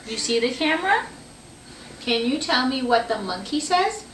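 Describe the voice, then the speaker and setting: A young woman, a parent, coaxes her small child through an animal-sounds quiz in a home video shot in the living room, her high-pitched voice swinging widely in a sing-song, questioning style at normal speed. The tone is a bit bright, with slight background noise, and the home camcorder picks her up roomily from a distance.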